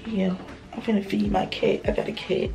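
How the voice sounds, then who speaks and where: A woman vlogging casually with a hoarse, nearly gone voice, loose and profane, laughing at herself. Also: medium pitch, flat delivery, normal speed, low-quality recording. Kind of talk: casual vlog chat. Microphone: handheld camera. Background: hip hop music playing.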